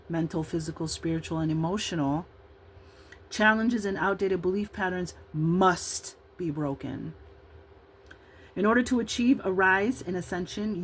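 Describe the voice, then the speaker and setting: A woman's voice: on the low side, slight background noise, rough recording. Chatty fifty-something woman reading tarot. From Illinois, USA. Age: 50s. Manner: rambling, chatty asides between card readings. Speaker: tarot card reader.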